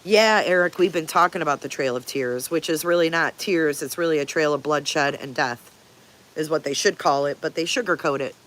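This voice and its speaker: A woman's voice: sits low, normal speed, a bit bright. Blunt older woman chatting on a livestream. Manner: blunt, swears freely, chuckles often. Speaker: livestream host. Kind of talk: casual livestream chat, answering viewers.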